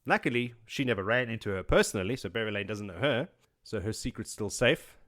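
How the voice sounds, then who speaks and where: A man hosting a podcast, retelling a book chapter in a casual, excitable way with swearing and laughs. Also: lowish voice, fast. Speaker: podcast host.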